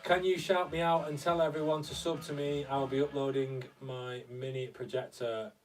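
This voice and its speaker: A man's voice: mid-range voice, little pitch movement, normal speed. Chatty man hosting a live stream. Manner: chatty, reads out viewer comments and answers them. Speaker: host. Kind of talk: casual live-stream chat. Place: converted recording studio room. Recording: slightly distant mic with faint guitar music.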